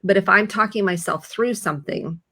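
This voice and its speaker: A middle-aged woman therapist giving calm, reassuring advice in conversation, slowing down as she coaches. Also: mid-range voice, slightly rough.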